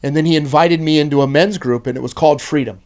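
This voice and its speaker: A man, a podcast guest, telling his personal testimony in an earnest, intense way, swinging between loud bursts and hushed passages. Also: a little high, fast talker.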